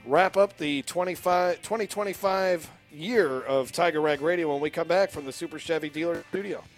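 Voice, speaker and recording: Male sports radio host, brisk and chatty, slightly high voice, soft music underneath.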